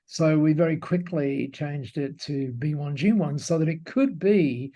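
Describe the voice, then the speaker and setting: Gravelly, warm-voiced man telling a story. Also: fairly high pitch, unhurried. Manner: reflective, with frequent restarts and repeated words. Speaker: guest, company cofounder. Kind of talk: anecdotal storytelling in an interview.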